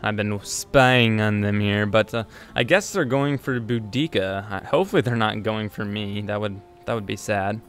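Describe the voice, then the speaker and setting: A man's voice: on the low side, moderate pace, few pauses, fairly bright tone. Man mumbling through casual game commentary. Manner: rambling and hesitant, with many ums and self-corrections. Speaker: let's play host. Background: faint game music.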